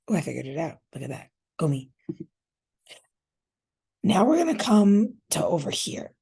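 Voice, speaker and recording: A woman's voice: low voice, vocal fry, mellow, breathy edge. A woman teacher walking viewers through scoring a reading fluency test, chatty and casual, thinking aloud as she works on screen. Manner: casual, chatty, talks to viewers as you guys.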